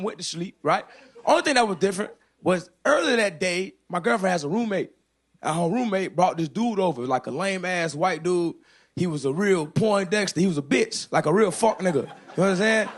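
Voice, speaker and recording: A man's voice: high-pitched, lively intonation, fairly quick. A young man doing a brash, swaggering stand-up set on a club stage. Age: young adult. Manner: brash, swaggering, loud bursts. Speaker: stand-up comedian.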